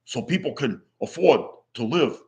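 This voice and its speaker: A man doing a quick, self-admittedly bad impression of an impassioned older male politician in a strained, high voice. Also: lively intonation, gravelly, faint music behind. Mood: pleading.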